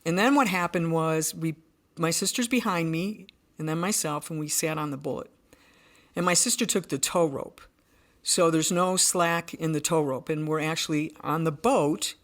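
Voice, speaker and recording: A woman's voice: low voice, normal speed. A woman guest on a podcast, telling a personal story in an earnest, vivid way, often restarting her sentences.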